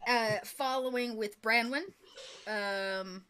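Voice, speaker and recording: Bright, giggly woman game master. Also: on the high side, slow, clean tone. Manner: giggly, filler-heavy narration. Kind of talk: running a tabletop game.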